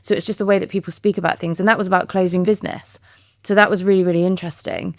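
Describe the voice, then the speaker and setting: A woman with a low, gravelly voice leads a podcast interview in a friendly, chatty way. Her voice is recorded dry and close. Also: fairly even intonation, rapid-fire, dry recording. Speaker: podcast host, marketer.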